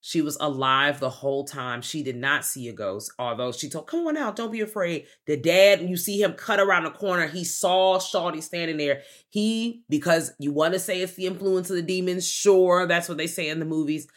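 A woman's voice: low voice, normal speed, few pauses. A woman co-hosting a podcast, telling a film's plot in casual chat and acting out the characters' lines as she goes. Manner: animated storytelling, acts out the characters' lines. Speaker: podcast co-host.

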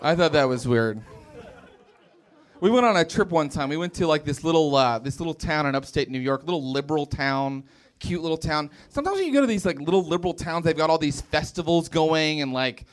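Lively high-voiced man doing stand-up. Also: a little fast. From West Virginia. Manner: animated, self-mocking, jumps into exaggerated character voices. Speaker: stand-up comedian. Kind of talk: stand-up comedy set. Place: comedy club stage with audience.

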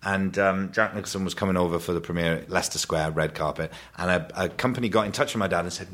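A man's voice: low-pitched, quick pace, hardly any pauses. A man telling family anecdotes on a casual podcast, laughing often as he talks. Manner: animated anecdotes, frequent laughter.

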